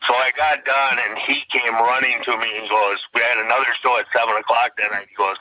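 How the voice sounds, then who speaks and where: A man's voice: mid-range voice, level tone, fast, bright, forceful tone, no echo. A man with a strong Minnesota accent, a comedian guest telling folksy, blunt stories on a phone call. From Minnesota Iron Range. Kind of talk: casual storytelling on a phone call. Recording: phone line.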